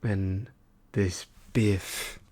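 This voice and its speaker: A wry male trickster god, now a weary file clerk, murmurs in whispered role-play, as a man plays him. The voice sits fairly low and unhurried, drawn out with long pauses, soft and musing. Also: fairly even intonation, heavily acted. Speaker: ASMR performer.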